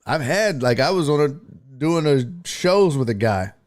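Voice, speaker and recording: A middle-aged man hosts a loose sports talk stream, swearing freely and reading viewer comments aloud. His voice sits a little high and swings up and down a lot as he riffs and jokes. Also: a little slow. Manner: profane, animated, jokey, slips into mock voices. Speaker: sports talk show host.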